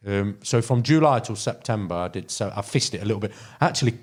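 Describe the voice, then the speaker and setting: A man's voice: fairly low pitch, animated, quick pace. A man from Derbyshire, a podcast guest telling long fishing stories in casual chat, full of restarts and fillers. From Derbyshire, England. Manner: rambling storytelling with many restarts and fillers. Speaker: podcast guest, carp angler.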